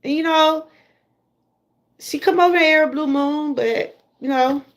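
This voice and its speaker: A woman's voice: high-pitched, moderate pace. A middle-aged woman with a Southern US accent, chatting casually to her viewers on a livestream and laughing often. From Georgia, USA. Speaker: livestream host.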